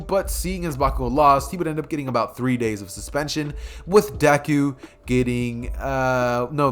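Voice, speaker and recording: A man casually narrating a fan story, rambling and correcting himself as he goes. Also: medium pitch.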